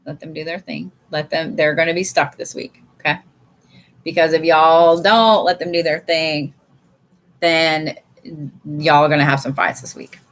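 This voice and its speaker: A woman's voice: low voice, fairly even intonation, a little slow, fairly bright tone. Blunt, chatty woman reading cards. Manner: blunt, chatty, swears freely, addresses viewers as y'all. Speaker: tarot and oracle card reader. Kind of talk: casual live card reading.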